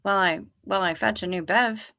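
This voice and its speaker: A woman with a bright, clear tone talks casually to her viewers from her chair at home. She rambles along and often trails off. She is a little sleepy and keeps yawning. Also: medium pitch, brisk. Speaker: livestream host. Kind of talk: casual livestream chat with viewers.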